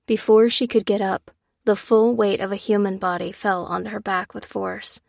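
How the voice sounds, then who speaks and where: A woman narrating a thriller audiobook in a steady, measured way. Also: medium pitch, vocal fry, dry recording, clean studio sound.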